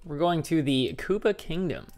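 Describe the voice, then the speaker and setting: A man's voice: fairly high pitch, big pitch swings, normal speed, a little mellow, soft background music. A man casually commenting on a video game while a little tipsy, rambling, joking and swearing freely. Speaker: gameplay streamer.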